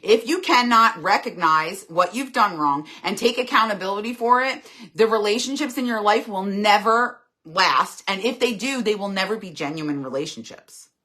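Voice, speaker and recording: A middle-aged woman hosts a casual live stream, reading viewer comments aloud and answering each one in an earnest, candid way. Her voice is bright and forward, sitting at an ordinary pitch for a woman. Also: expressive, normal speed.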